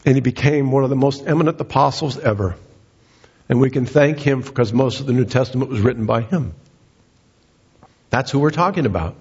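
A man's voice: medium pitch, a little fast, long pauses, a little mellow, slightly rough. A man preaching a sermon as a pastor, telling the story earnestly and building to passionate emphasis. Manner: earnest storytelling, rising to impassioned. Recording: dull lo-fi recording in a reverberant hall.

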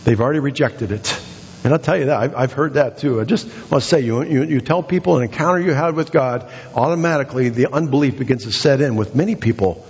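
A male pastor preaching a sermon in a church, building to excited, emphatic exhortations with repeated phrases. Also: mid-range voice, quick pace. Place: church sanctuary. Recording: dull sound with long hall reverb.

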